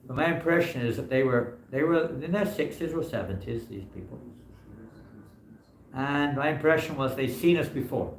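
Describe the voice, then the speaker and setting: A man's voice: medium pitch, normal speed, slight background noise. A man, a monk, giving an informal scripture class in a temple hall, talking in a loose, rambling way full of "you know" fillers.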